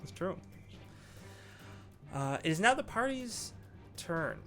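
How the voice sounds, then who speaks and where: A man's voice: high voice, slow pace. Laid-back male game master. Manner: relaxed, laughing, many fillers. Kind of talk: narrating a tabletop game. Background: faint background music.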